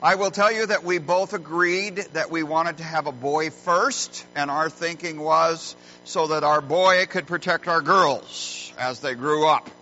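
A middle-aged man preaching a sermon as a pastor, earnest and folksy, telling stories with deliberate pauses, recorded in a church. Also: a little high, fairly even intonation, pushed and bright. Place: church sanctuary. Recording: muffled lo-fi recording with faint hum.

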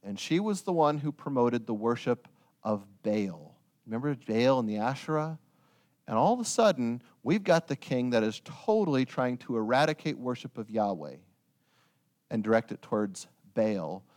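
Lively, animated male preacher. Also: mid-range voice, normal speed. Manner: lively storytelling with joking asides to the audience. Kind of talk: sermon.

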